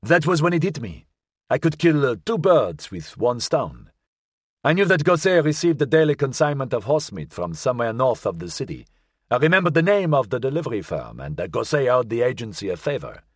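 A man's voice: mid-range voice, sing-song, a little fast, slightly rough, no echo, studio quality. A man voicing a big, jovial man who enjoys the attention, in an audiobook. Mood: cheerful. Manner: cheerful and self-satisfied.

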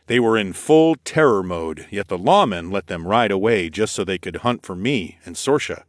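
A man narrating a first-person adventure audiobook in a steady, measured way. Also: fairly low pitch, no room sound, studio quality.

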